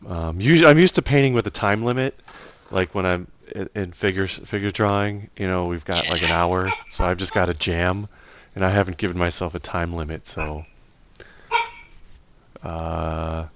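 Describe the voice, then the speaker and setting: A man casually chatting about his painting as he works, relaxed and rambling with lots of fillers. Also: deep voice, moderate pace, creaky, heavy background noise. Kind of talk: casual chat while painting.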